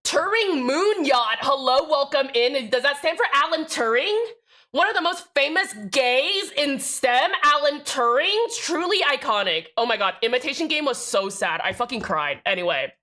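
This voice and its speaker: Young woman streamer with a bright, somewhat high voice; irreverent, sassy, swears freely. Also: lively intonation, moderate pace. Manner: sassy, profane, joking with chat. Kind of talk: casual live-stream chat.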